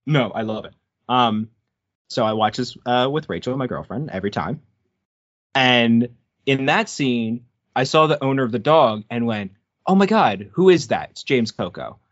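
A man's voice: mid-range voice, normal speed, fairly bright tone, dry recording, dull audio. A man hosting a casual podcast, telling stories and acting out quotes. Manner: storytelling, acts out quotes. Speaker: podcast host. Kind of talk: casual chat.

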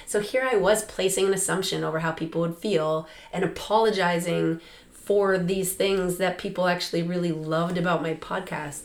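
A woman with a hoarse, raspy voice from losing it, hosting a podcast in a chatty way with frequent laughs and fillers. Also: on the low side, steady tone, normal speed. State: hoarse, lost voice. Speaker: podcast host and coach. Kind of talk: casual podcast monologue. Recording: roomy echo.

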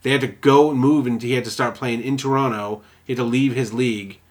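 A man's voice: mid-range voice, fairly even intonation, fairly quick. Profane storytelling podcast guy. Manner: profane, storytelling, acts out quotes. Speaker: podcast co-host. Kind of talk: casual chat.

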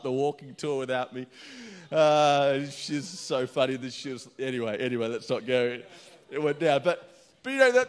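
A middle-aged man from Australia preaching a sermon, energetic and chatty, telling stories with laughs. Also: fairly high pitch. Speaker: pastor.

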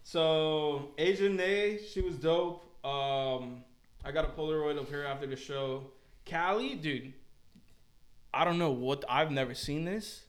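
A man's voice: a little high, a little slow. A young man co-hosting a podcast, telling concert stories in slangy, laughing casual chat. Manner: slangy, laughing, animated storytelling. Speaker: podcast co-host.

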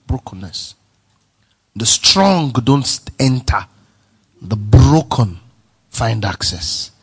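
A male pastor preaching a sermon, emphatic and repetitive, swinging from soft to near-shouting. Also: mid-range voice, animated, drawn-out words, breathy edge.

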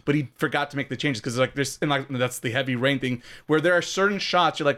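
A man's voice: mid-range voice, fast talker, few pauses, a bit bright. A man co-hosting a podcast, chatting casually and giving long, opinionated explanations. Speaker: podcast co-host. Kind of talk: casual chat.

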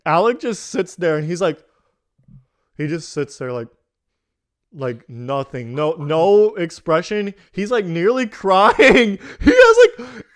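A man's voice: on the high side, slow pace. A young man co-hosting a casual podcast, telling a story with laughter and acted-out quotes. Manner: animated, laughing, swearing, acts out quotes. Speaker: podcast co-host.

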